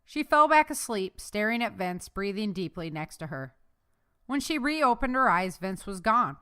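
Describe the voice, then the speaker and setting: A woman narrating a novel chapter aloud as an audiobook narrator, telling the story in a steady way. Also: medium pitch, moderate pace, smooth. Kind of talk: scripted narration.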